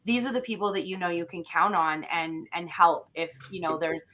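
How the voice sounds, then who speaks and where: A woman from Alberta talks as a podcast guest in a loose, chatty way. Her voice is bright and a little low, full of fillers and lively acted-out quotes. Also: moderate pace, slight background noise. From Alberta, Canada. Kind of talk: casual conversational interview.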